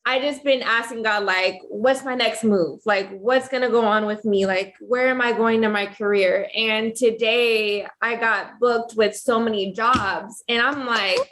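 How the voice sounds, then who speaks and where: Earnest high-voiced woman musing aloud. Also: steady tone, fairly bright tone. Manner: earnest, halting, with many fillers. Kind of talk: casual reflective chat.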